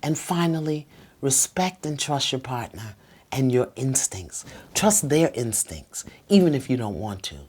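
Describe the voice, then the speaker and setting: A middle-aged woman hosting a relationship advice show, speaking straight to the viewer in an emphatic, preachy way that drops to a soft whisper for the guided phrases. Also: a bass voice, sing-song, a little slow, husky. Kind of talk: talking straight to the viewer with tips.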